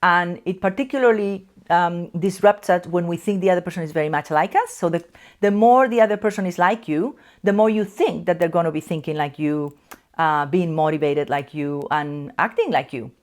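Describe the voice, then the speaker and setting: A middle-aged woman from Spain with a Spanish accent, a psychoanalyst explaining concepts to camera from a chair in her office in a measured way. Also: fairly low pitch. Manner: measured, explanatory, slows to stress key terms. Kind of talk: educational talk to camera.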